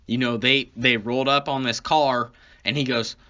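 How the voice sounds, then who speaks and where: A man's voice: mid-range voice, fairly even intonation, moderate pace, sharp tone, highs cut off. A man hosting a comedy podcast, telling a story in a rambling, profane way.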